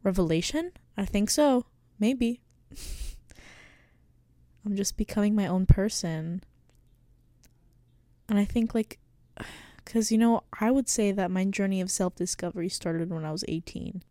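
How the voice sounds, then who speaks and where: A woman's voice: mid-range voice, measured pace, pauses often, dark tone, no echo. A woman in her late teens hosting a casual solo podcast, talking in a reflective, rambling way with lots of fillers, close to the mic. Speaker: podcast host. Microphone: close studio microphone.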